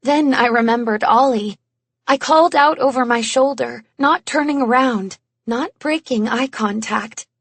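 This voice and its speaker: Woman narrator, audiobook, first person, slow and measured, breathy, dry booth. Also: a little high, dry recording.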